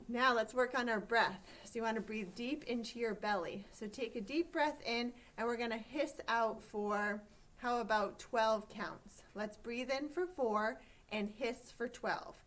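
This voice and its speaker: Calm, high-voiced woman leading vocal warm-ups. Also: unhurried. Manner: calm, encouraging, gives step-by-step instructions. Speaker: choir teacher.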